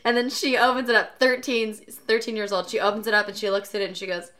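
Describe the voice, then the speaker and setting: Woman co-host, casual storyteller, laughs easily; mid-range voice, relaxed chat delivery. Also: medium pitch, fast talker. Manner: animated, laughs through her stories. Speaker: podcast co-host.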